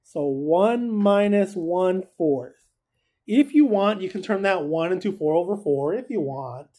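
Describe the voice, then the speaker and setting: Chatty high-voiced math teacher, mellow tone. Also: male voice, animated, unhurried. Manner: chatty, joking, keeps quizzing students. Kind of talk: casual recorded math lesson.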